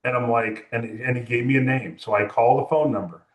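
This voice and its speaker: A man's voice: medium pitch, fairly even intonation, fairly quick, echoey room. A man from California, a music photographer, telling a long story in an interview with many fillers and restarts.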